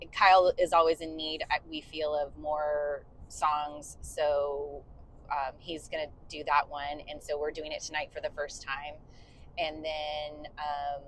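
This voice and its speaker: A woman co-hosts a podcast from a moving car, chatting casually with lots of fillers and singing short demo bits; she's a bandleader and singer. Her voice is low-pitched and a bit bright, on a low-quality recording.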